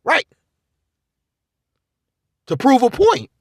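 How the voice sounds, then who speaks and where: A man with a high, animated voice rants casually to his viewers about faith and trust. His talk is profane and rambling, full of restarts. The sound is dry and close. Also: drawn-out words, dry recording. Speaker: vlogger. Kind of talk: casual spiritual monologue.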